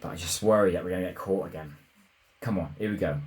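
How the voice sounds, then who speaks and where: A man commentating live on his own football management game, swinging between muttered frustration and loud shouts at goals. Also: deep voice, fast. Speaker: gaming YouTuber.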